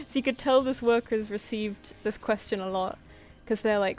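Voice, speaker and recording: A woman's voice: on the high side, normal speed, few pauses, darkish tone. Young woman, casual streamer chat, anecdotal and giggly, faint music underneath. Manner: chatty, anecdotal, laughs often, acts out quoted voices. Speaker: artist streaming live commissions.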